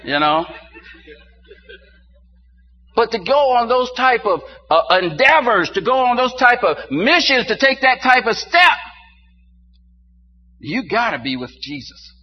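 Older male pastor, sermon delivery, quiet asides building to fervent exclamations; lo-fi church recording. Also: very high voice, big pitch swings, unhurried, breathy edge. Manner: preaching to a congregation, swings from quiet to rising exclamations. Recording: dull muffled sound with faint hum.

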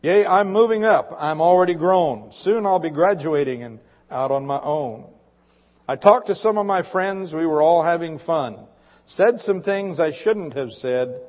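A man preaches a sermon in a church, reading a dramatic poem with earnest feeling. His voice sits somewhat high, and the muffled recording carries a long reverb from the sanctuary.

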